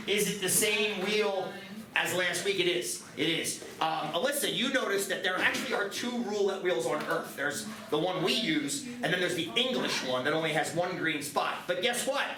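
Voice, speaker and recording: A man teaching a math class, lively and joking, with quick asides to his students. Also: high-pitched, crowd noise. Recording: roomy classroom, mic at a distance, background noise.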